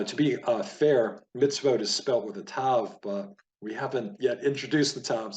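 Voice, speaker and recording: A man teaching Biblical Hebrew reading, patiently explaining and slowly repeating each word. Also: lowish voice. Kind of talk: casual spoken lesson over a page of words.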